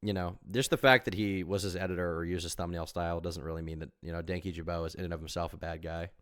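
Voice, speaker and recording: A man's voice: low voice, steady tone, quick pace, a bit bright, dry recording, clean studio sound. A man streaming live and reacting to a video, talking casually in a rambling, argumentative way full of fillers.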